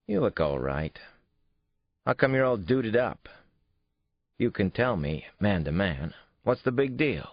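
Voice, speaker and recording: A man's voice: lowish voice, sing-song, unhurried, pauses often, no room sound, pitched above the performer's own voice, exaggerated voice. A male audiobook narrator voicing a cheeky young boy who teases and mocks. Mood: sly. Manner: sarcastic, teasing. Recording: dull, muffled studio read.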